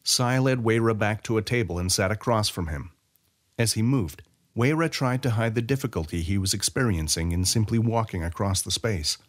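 A man narrating a fantasy short story as an audiobook reader, in an expressive storytelling way. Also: lowish voice, normal speed.

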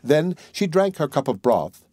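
A man reading a fairy tale aloud as an audiobook narrator, in an even, unhurried storybook manner. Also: on the high side, dry recording, studio quality.

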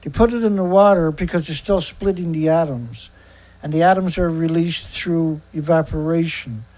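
A sarcastic, indignant show host reads news excerpts and then comments on each one. The voice sits at a middle pitch. The speaker often trips over words and restarts sentences. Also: normal speed, darkish tone, low-quality recording. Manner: stumbles and repeats words.

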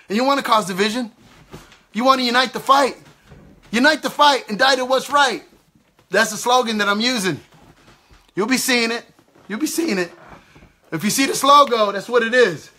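A man's voice: very high-pitched, pushed and bright. A man giving an impassioned sermon, emphatic and repetitive, acting out the other side of quoted exchanges. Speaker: preacher.

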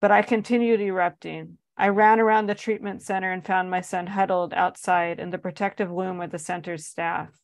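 A woman's voice: on the low side, steady tone, moderate pace, hardly any pauses, dry recording. A woman, an author, reading aloud from her own memoir in an earnest, emotionally charged way.

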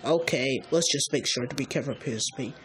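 A woman improvising a story narration with toys, halting and restarting mid-sentence. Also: rumbling low, fairly bright tone.

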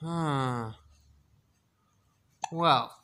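A father in a casual home video, gently coaxing his baby to talk with sing-song questions. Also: medium pitch, very slow.

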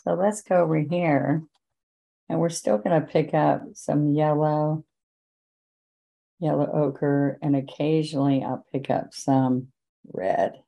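A woman teaching a painting lesson, giving gentle, chatty step-by-step guidance as she works. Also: deep voice, fairly even intonation, takes it slowly, gravelly, poor audio. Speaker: painting instructor. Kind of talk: relaxed painting demonstration.

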